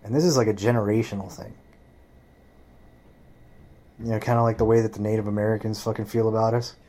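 A man's voice: fairly low pitch, fast. A man telling a personal story in a casual, profane rant, acting out what people said. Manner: profane, animated, acts out quoted voices.

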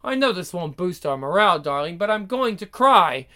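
A woman's voice: fairly low pitch, very animated, moderate pace, bright, forceful tone. An actress playing a devoted young wife who narrates her story in earnest, emotional 1940s radio acting. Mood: distraught.

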